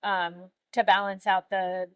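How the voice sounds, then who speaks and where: A woman explaining meal nutrition during a cooking demonstration, clear and explanatory with occasional fillers. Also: mid-range voice, little pitch movement, takes it slowly, a bit bright.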